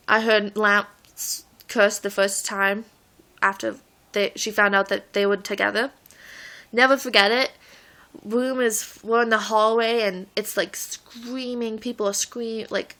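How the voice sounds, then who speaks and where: In this casual storytelling vlog, a woman in her late teens speaks in a bright, forceful, mid-range voice. Her stories ramble along, and she giggles and laughs frequently.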